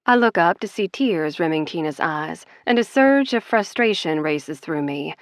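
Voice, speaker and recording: A woman's voice: low-pitched, lively intonation, normal speed, no echo, clean studio sound. A woman narrating a first-person romance audiobook in a wry, conversational way.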